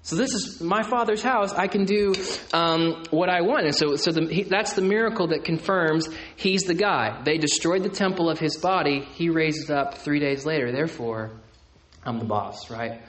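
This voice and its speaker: A man's voice: fairly high pitch, normal speed, fairly bright tone, echoey room, slight background noise. A man teaching the Bible to a live audience in a conversational sermon, with jokey asides and a habit of checking in with his listeners. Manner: chatty, keeps checking in with listeners.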